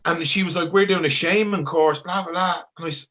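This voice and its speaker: A man's voice: fairly high pitch, steady tone, a little fast, pushed and bright. A man hosting a podcast, chatting casually, enthusiastic and sweary. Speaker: podcast host. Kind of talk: casual chat.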